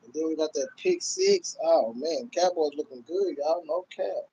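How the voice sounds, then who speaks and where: A man's voice: fairly high pitch, lively intonation, normal speed, warm tone, slightly rough, muffled recording. Laid-back man on a livestream. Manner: laid-back, loose talk, calls out to viewers constantly. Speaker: livestream host. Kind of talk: casual livestream chat.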